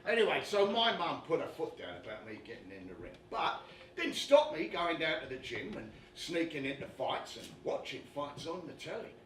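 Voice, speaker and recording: Bloke playing a chatty boxing commentator, high lively voice, roomy stage sound. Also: male voice, moderate pace, a little hiss or hum. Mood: enthusiastic. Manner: animated, chummy, addresses the audience directly. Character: brash, chatty British male boxing commentator. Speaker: stage performer. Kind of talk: one-man stage comedy monologue. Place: theatre stage with a live audience. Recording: roomy live stage recording from far off.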